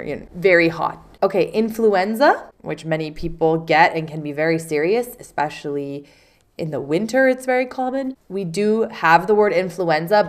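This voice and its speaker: A woman teaching English vocabulary, explaining clearly and patiently with spoken examples. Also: deep voice. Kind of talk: vocabulary lesson.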